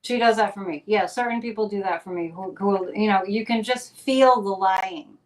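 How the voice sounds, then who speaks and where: A woman's voice: medium pitch, moderate pace. A woman hosting a talk show as a psychic, chatting casually and running through announcements in an upbeat, rambling way. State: a bit out of breath.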